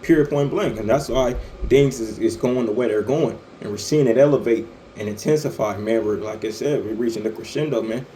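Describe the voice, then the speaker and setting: An online commentator delivers a profane religious-political rant, stammering frequently and tacking "man" and "right" onto his lines. His mid-range voice is dark and brisk with few pauses, and the low-quality recording has some hiss or hum.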